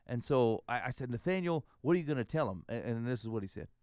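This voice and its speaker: A man's voice: mid-range voice, animated, quick pace, darkish tone, clear, resonant tone, no echo. A man telling a long, rambling, self-deprecating tall tale in casual podcast chat. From Iowa. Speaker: podcast host.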